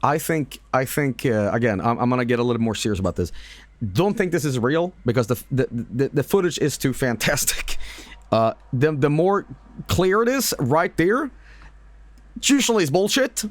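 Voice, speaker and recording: A man's voice: mid-range voice, animated, normal speed, no echo. A man streaming and reacting to videos in casual commentary, rambling with fillers, laughing and swearing.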